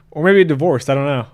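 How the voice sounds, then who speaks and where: A man hosting a casual podcast, ranting and joking crudely while reading his live chat. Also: on the high side. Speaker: podcast host.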